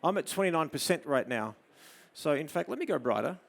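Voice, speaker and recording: Australian man coaching a model softly. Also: fairly high pitch, animated, a little fast, vocal fry. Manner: coaxing a model with soft murmured praise between explanations. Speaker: photography presenter. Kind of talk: live photography demo. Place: studio demo before an audience.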